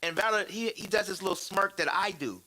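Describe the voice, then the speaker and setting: A man in his thirties preaching about fatherhood through personal stories, animated and laughing, repeating phrases for emphasis. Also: high-pitched, brisk, rough recording. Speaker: church speaker on fatherhood.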